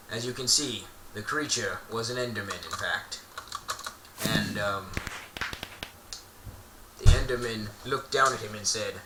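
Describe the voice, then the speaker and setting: A man with a mid-range voice tells an improvised story playfully and in a rambling way, often correcting himself mid-sentence. The background is noisy, with roomy echo from a distant mic.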